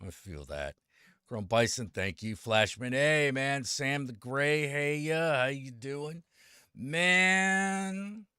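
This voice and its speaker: A man's voice: medium pitch, takes it slowly, pushed and bright, clean tone, no room sound, clean studio sound. A man live-streaming and chatting with viewers, ranting with a lot of swearing and greeting people by name. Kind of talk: casual live-stream chat.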